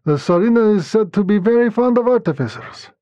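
Male reader playing a fond young Russian count's son, hurried and teasing, in a storybook reading; dull, dry audio. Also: high voice, lively intonation, dark tone, no echo, voice pushed up. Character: young Russian nobleman's son, eager and affectionate.

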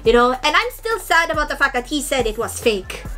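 A young woman, gushing with excitement as she chats through an unboxing vlog. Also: sits high, a little fast, faint music behind. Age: young adult. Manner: gushing, squealing fangirl excitement. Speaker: vlogger.

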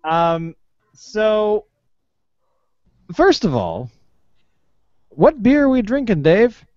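A Canadian man co-hosting a casual beer podcast, loud and joking. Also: sits high, sing-song, very slow, no echo. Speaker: podcast co-host. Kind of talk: casual chat over beers. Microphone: video call. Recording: dry muffled online call.

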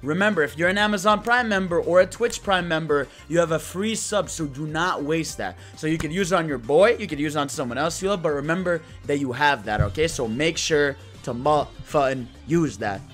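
A man's voice: on the high side, brisk, few pauses, a bit bright, soft background music. A young man hosting a live stream, talking to chat in a brash, profane, hyped-up way.

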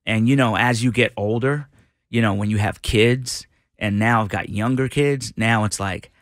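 A middle-aged man telling an animated story on a radio show, acting out the voices of the people in it. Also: fairly low pitch, moderate pace, no room sound, clean studio sound. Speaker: radio host guest. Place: radio studio.

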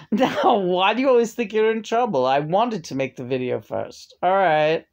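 A woman's voice: mid-range voice, a little mellow, lo-fi sound, pitched above the performer's own voice. A woman channeling the spirit of a dead man who rambles, hesitates and makes crude jokes.

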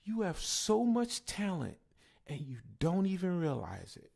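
Tall stern male band teacher, high breathy hush, as a storyteller puts him on, gravelly underneath. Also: wildly swooping pitch, measured pace, heavily acted. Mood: disappointed.

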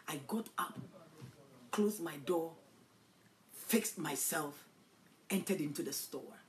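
A woman preacher giving a dramatic sermon, swinging from hushed storytelling to loud declarations. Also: sits low, takes it slowly, long pauses, a little hiss or hum.

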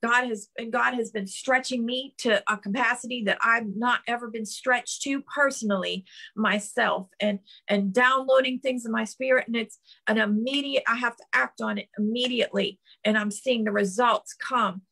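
A middle-aged woman preaches with fervor, her fairly high voice bright and edged with gravel. She builds her points through repeated declarations and often stumbles and restarts mid-phrase. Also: fairly even intonation, normal speed. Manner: fervent, repetitive declarations with frequent restarts. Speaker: prophetess preaching. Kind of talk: sermon.

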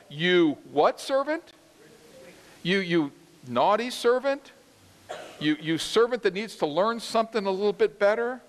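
A man preaching a sermon to his congregation, animated and emphatic, asking them questions directly. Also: mid-range voice, long reverb tail. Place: church sanctuary.

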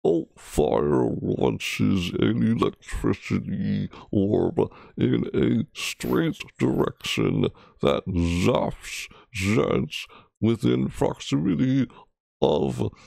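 A man reading aloud slowly as a menacing male demon, in a drawn-out, deliberate way. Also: on the low side, expressive, vocal fry, a little mellow, no echo, full character voice. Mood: ominous.

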